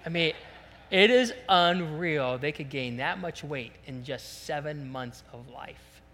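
A man preaching a sermon, telling a lively, joking story and acting out voices as a pastor. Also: a little high, slow pace, in a large hall. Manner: animated, jokey storytelling, acts out voices.

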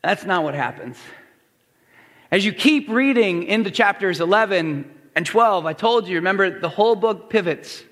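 A man preaching a sermon as pastor, swinging from hushed, quiet lines to loud shouted ones. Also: high voice, expressive, moderate pace, long reverb tail.

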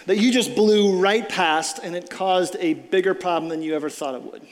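Male pastor, sermon, high voice, animated storytelling, long hall reverb. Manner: animated storytelling, casual filler words.

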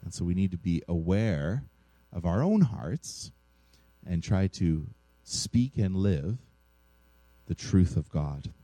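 A pastor in his thirties preaches in a relaxed, conversational way, often checking in with his listeners with a quick "right?". His voice sits low and mellow but swings widely in pitch. The sound is dry and close. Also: no room sound. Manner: informal, self-deprecating, frequent "right?" asides. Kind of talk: conversational sermon with personal stories.

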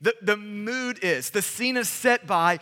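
Emphatic preacher with a high, bright voice. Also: male voice, measured pace. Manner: emphatic, dramatic scripture reading. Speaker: pastor. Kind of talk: sermon. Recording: long hall reverb.

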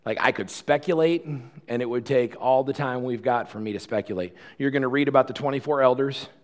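Guy preaching a sermon, chatty, gets loud and fast then goes quiet. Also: medium pitch. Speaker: pastor.

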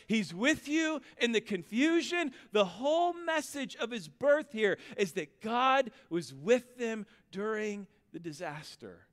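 Male pastor, thirties, storytelling sermon with emphatic repeated lines, high ringing voice, long reverb. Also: very animated, takes it slowly, hardly any pauses, a bit bright. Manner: conversational storytelling preaching, builds to emphatic repetition.

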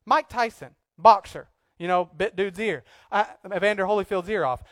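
A pastor preaching a sermon from a church pulpit in a joking, conversational way, swinging from quiet asides to loud, emphatic outbursts. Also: male voice, high-pitched, moderate pace, dry recording, clean studio sound.

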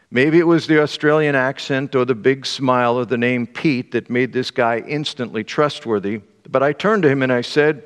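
A man preaching a sermon and reading an excerpt aloud, with a measured, deliberate delivery. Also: medium pitch, clean tone, big-room sound. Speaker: pastor.

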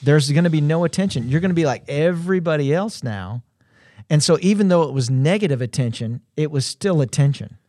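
A man co-hosting a Christian livestream, speaking in a slow, reflective way with occasional playful asides. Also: a little high, animated, darkish tone, no echo, clean studio sound. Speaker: co-host of a faith livestream. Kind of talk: conversational Christian teaching.

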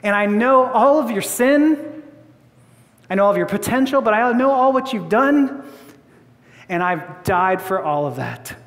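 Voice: medium pitch, expressive, measured pace, pauses often, a bit bright, in a large hall. A pastor giving a sermon in a church, conversational and laughing often, with frequent repeated words.

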